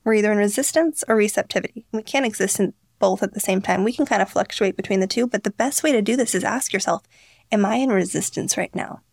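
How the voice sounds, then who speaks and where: An earnest young woman tells stories on a podcast, slipping into quoted voices as she goes. Her voice carries a gravelly fry. The sound is dry and close. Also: mid-range voice, fast, darkish tone, no room sound. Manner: earnest, storytelling, acts out quotes. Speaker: podcast guest, founder. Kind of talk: candid interview talk.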